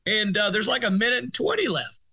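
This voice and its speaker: A man's voice: high voice, brisk, slightly rough. A middle-aged man, a football coach telling a story in an interview with many restarts. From Arkansas, USA. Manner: animated, rambling restarts, laughs through story. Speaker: high school football coach, guest.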